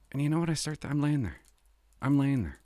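A middle-aged man from Canada, formerly a police officer, shares stories on his podcast in a relaxed, confiding manner, laughing and rambling as he goes. His voice is fairly high-pitched and mellow, and the recording is dry.

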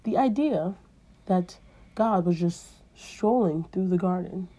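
Slangy, husky woman telling a comic story. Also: on the low side, slow. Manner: slangy, animated, digressive. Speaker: podcast host. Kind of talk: comedic casual storytelling.

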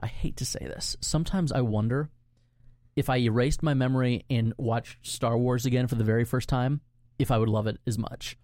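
A man co-hosting a casual podcast chat, self-deprecating and quick to laugh. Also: mid-range voice, steady tone, darkish tone, no echo, clean studio sound. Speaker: podcast co-host.

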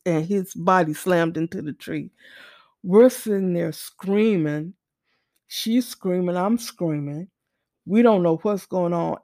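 Middle-aged lady telling her own story, acts out every bit of dialogue, raspy edge. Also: mid-range voice, a little mellow, no echo, clean studio sound. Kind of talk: personal testimony storytelling.

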